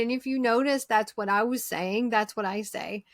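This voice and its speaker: With a voice on the high side and a moderate pace, a podcast host interviews someone in an upbeat, easygoing way, agreeing and repeating her words a lot. The studio sound is clean, with no echo.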